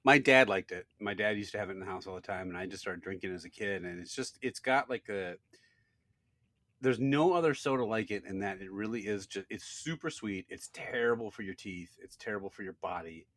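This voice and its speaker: Low-voiced joking podcast man. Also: a little fast, no echo. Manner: self-deprecating, joking deadpan asides. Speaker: podcast co-host. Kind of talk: casual chat.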